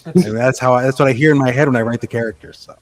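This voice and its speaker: A man in his fifties hosts a loose podcast chat. His voice sits at an ordinary middle pitch, and he often stops and restarts his sentences as he talks. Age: 50s. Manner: halting, with frequent restarts and fillers. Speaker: podcast host and author. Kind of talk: casual chat.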